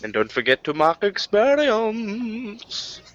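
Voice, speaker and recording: A man's voice: sits high, huge pitch swings, takes it slowly, fairly bright tone, dull audio. A man narrating a tabletop game as game master, loose and casual with frequent fillers.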